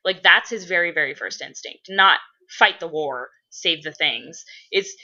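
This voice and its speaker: A woman's voice: low-pitched, normal speed, few pauses, sharp tone. A woman chatting casually as a role-play blogger, rambling and swearing a lot. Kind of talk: casual chat. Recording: dull lo-fi recording.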